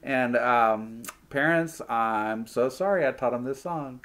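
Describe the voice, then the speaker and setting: A man pastor leading a children's worship talk and prayer, speaking gently and simply to young children. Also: medium pitch, slow.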